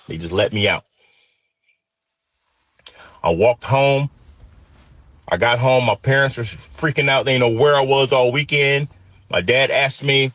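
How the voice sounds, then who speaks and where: A man's voice: lowish voice, a bit bright, no room sound. A man in his fifties from Detroit telling a personal story with intense, emotional, vivid retelling. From Detroit, USA.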